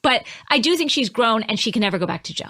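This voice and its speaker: A woman's voice: a little high, lively intonation, quick pace, a bit bright, dry recording, studio quality. A woman hosting a podcast in casual chat, blunt and emphatic, swearing freely. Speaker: podcast host.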